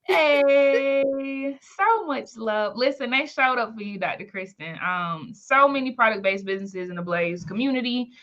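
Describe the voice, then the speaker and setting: A woman hosting a live webinar with lively energy, calling out chat names and welcoming everyone in. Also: fairly high pitch, a little slow, dull audio. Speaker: webinar host. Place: home, in Maryland.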